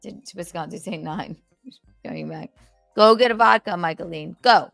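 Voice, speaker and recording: A woman with a New York accent hosts a loose livestream talk show, pushing and teasing her co-host between rambling asides. Her voice sits low and has a gravelly fry. She sounds a bit under the weather. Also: moderate pace, fairly bright tone, soft background music. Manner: teasing, pushy, rambling with fillers. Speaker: podcast host. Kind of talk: casual chat on a livestream.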